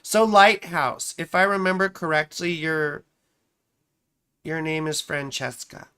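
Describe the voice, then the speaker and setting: A woman's voice: deep voice, a little slow, bright, forceful tone, clear, resonant tone. A woman astrologer hosting a casual live stream. She talks in a chatty, self-amused way, often repeating her phrases and tossing in "right?".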